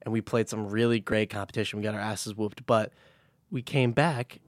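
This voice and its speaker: A man's voice: on the low side, fairly even intonation, normal speed, no echo. A young man co-hosting a sports talk show in casual chat, joking and telling stories with energy. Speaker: podcast co-host.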